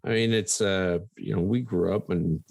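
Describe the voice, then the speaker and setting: A man's voice: low voice, steady tone, moderate pace, vocal fry, darkish tone, dry recording. A man co-hosting a podcast, chatting casually, swearing and laughing often. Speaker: podcast co-host. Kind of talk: casual chat.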